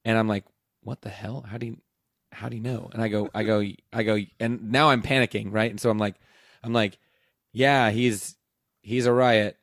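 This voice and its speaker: A man's voice: on the low side, level tone, brisk, creaky, fairly bright tone, no echo, clean studio sound. A man who works as a teacher, casually telling a rambling story and acting out the dialogue, laughing as he goes. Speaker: teacher and podcast host.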